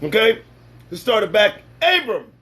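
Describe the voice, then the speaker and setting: A man hosting his own show, delivering a sarcastic, profane, preachy monologue that swings from loud bursts to low asides. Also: very animated, unhurried, husky. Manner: preachy, sarcastic, swears freely. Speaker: talk show host.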